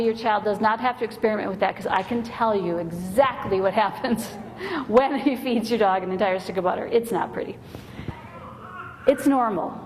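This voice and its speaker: A woman's voice: a little high, darkish tone. A woman giving a humorous, earnest inspirational talk to mothers, telling stories with comic timing. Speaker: Christian women's speaker. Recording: long hall reverb, faint noise.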